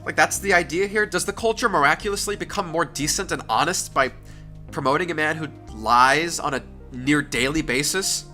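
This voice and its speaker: Brief: an exasperated speaker with a bright, sharp voice. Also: medium pitch, moderate pace, soft background music. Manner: exasperated, rhetorical questions.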